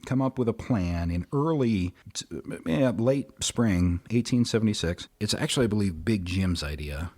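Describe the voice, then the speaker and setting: A man, a podcast guest, recapping a history story in a chatty, animated way with asides. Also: lowish voice, moderate pace. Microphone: podcast mic on a video call.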